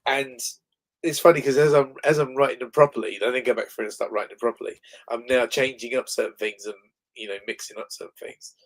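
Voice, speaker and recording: A man's voice: mid-range voice, steady tone, fast. A man chatting casually on a livestream, rambling and restarting his sentences. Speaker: comic book creator.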